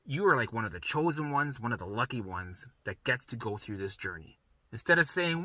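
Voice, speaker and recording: A man's voice: medium pitch, very animated, moderate pace, bright, forceful tone, dry recording. A man coaching listeners through recovery in a blunt, profane, emphatic motivational monologue.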